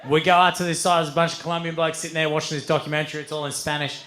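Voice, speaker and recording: A man telling a long story on stage as a stand-up comedian, swearing freely and getting animated. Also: a little high, racing, slight background noise. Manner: animated, swearing, building to shouts.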